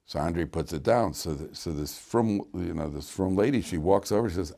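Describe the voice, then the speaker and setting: A rabbi giving a relaxed Torah lesson in a fairly low male voice. He mixes funny stories with rhetorical questions. He quotes Hebrew verses and then explains them. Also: moderate pace, vocal fry. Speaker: rabbi teaching the weekly Torah portion. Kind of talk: Torah class with humorous anecdotes.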